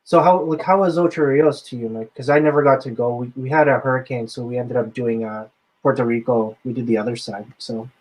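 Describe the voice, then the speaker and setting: Relaxed man hosting a casual chat. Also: mid-range voice, fairly quick, poor audio. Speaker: host.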